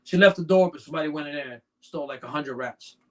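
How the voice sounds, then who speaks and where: On a podcast, a snake breeder tells meandering anecdotes at a quick pace, his voice on the higher side. The chat is casual, and "you know" pops up constantly as filler.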